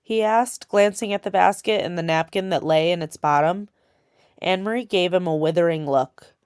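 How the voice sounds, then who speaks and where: Low-voiced woman reading a story aloud. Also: moderate pace, clean tone, dry recording, clean studio sound. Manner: steady storytelling read-aloud. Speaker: audiobook reader. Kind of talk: reading a children's novel aloud.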